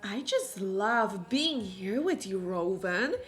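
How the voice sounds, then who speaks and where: A woman's voice: medium pitch, lively intonation, slow, faint music behind, pitched below the performer's own voice. A woman voicing a scheming, flirtatious woman sweet-talking her partner in a coaxing manner. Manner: honeyed, coaxing.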